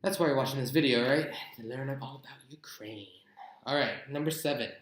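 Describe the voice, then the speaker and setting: A man's voice: mid-range voice, fairly quick, reverberant, rough recording. A young man giving blunt, chatty travel advice in a casual vlog. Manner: chatty, blunt, gives tips with mock examples. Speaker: travel vlogger.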